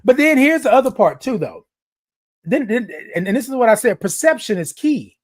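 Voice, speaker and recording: Here a host on a livestream talks right to the audience, fervent and forceful, getting louder and repeating phrases like a preacher. The mid-range voice has a sing-song lilt and moves at a normal speed in this animated stream chat.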